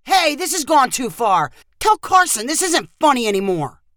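Cocky young guy, joking and dismissive, read by a woman, lively pitch, storybook reading. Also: moderate pace, no room sound, clean studio sound, heavily acted. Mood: insistent. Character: young American man, cocky prankster.

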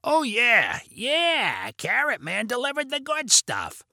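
A man putting on a raspy, weird Carrot Man. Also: wildly swooping pitch, sharp tone, no room sound, studio quality, full character voice. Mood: goofy. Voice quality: raspy, exaggerated deep-chested growl. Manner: slow, drawn-out, weird sing-song delivery. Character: raspy goofy male Carrot Man character.

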